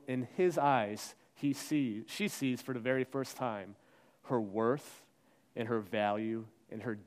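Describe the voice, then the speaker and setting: Guy preaching a sermon, goes quiet then loud, acts out the quotes, middle pitch. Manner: dramatic, acts out quoted voices, shifts from soft to loud. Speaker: pastor.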